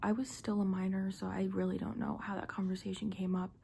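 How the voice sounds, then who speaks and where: A woman's voice: medium pitch, flat delivery, fast, vocal fry, mellow, slight background noise. A young woman casually telling a personal story, chatty and full of "like", often dropping to a half-whisper. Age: young adult. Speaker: vlogger.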